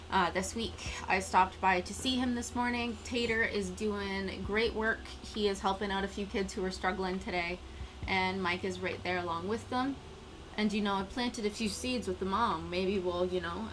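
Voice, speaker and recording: A woman's voice: mid-range voice, rough recording. Woman streamer rambling casually, mid voice, bit of background noise. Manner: chatty, rambling, self-deprecating. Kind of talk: casual live-stream chat.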